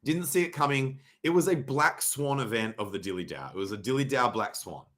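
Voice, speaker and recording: A young adult man hosting a casual livestream, sarcastic and mock-dramatic, swearing freely and often clearing his throat. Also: fairly low pitch, very animated, fairly quick, fairly bright tone. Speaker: livestream host reviewing crypto charts. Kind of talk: casual livestream chart talk.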